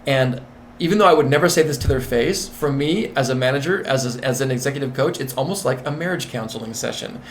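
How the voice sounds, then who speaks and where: A man being interviewed as a nurse manager and executive coach, talking in an emphatic, repetitive, animated way. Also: mid-range voice, fast talker, slight background noise.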